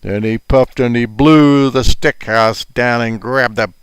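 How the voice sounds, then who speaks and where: A man's voice: mid-range voice, fairly even intonation, takes it slowly, smooth, no echo. An older man telling a story and giving casual advice in a rambling, folksy way, chuckling at his own asides.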